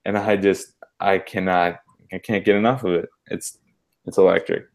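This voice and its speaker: Casting: deep, monotone male co-host with a clean voice, eager and chuckly. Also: moderate pace, gravelly. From US Midwest. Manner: enthusiastic, chuckling, trailing off softly. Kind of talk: casual sports talk.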